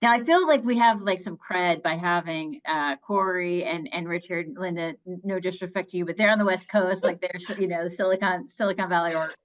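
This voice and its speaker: A woman's voice: fairly low pitch, brisk, few pauses, highs cut off. A woman moderating a panel webinar, chatty and upbeat with many fillers.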